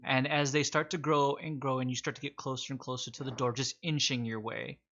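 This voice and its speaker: A man with a slightly rusty voice from sinus trouble, game master slowly building suspense in a tabletop game. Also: mid-range voice, level tone, fairly bright tone, dull audio. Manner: slow, suspenseful descriptions with fillers and restarts.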